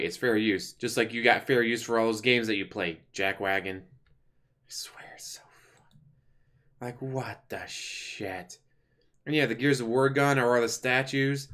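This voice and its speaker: A man's voice: medium pitch, fairly bright tone. A man hosting a reaction stream, making mocking, sarcastic remarks over a clip.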